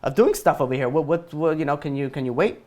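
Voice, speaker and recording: A man's voice: a little high, fast, darkish tone, pitched below the performer's own voice, natural voice. A man voicing a haughty ancient king who has been caught off guard and answers in a flustered, defensive way.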